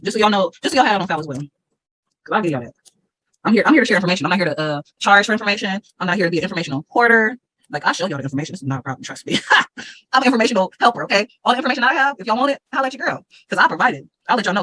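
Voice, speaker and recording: A woman's voice: medium pitch, animated, rapid-fire, a bit bright, slightly rough, no echo, poor audio. A woman vlogging straight to her viewers in a combative, repetitive way, reading legal passages aloud between her own remarks. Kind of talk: direct-to-camera video rant, reading legal text aloud.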